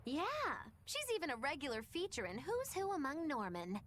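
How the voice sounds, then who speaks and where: A woman's voice: sits high, wildly swooping pitch, moderate pace, fairly bright tone, a little hiss or hum, heavily acted. An actress voicing a playful, teasing little male spirit in a video game.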